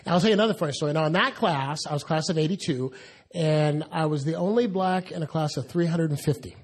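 A man's voice: on the high side, fast talker. A middle-aged man from the California Bay Area, a guest speaker telling funny stories to an audience and acting out the quotes. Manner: animated, laughing storyteller who acts out quotes. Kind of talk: storytelling talk.

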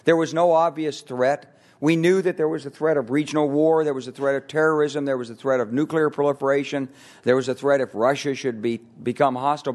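An older man, a retired military officer, giving a lively anecdotal talk on stage, acting out the voices of people he quotes. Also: medium pitch. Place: stage before an audience.

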